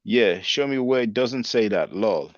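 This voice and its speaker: A man in his forties with a lowish voice hosts his channel, reading out viewer comments and answering them in loose, conversational commentary. The sound is dry and a little dull, with no room echo. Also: lively intonation, measured pace. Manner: conversational, spells words out, laughs at comments. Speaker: channel host reading live chat.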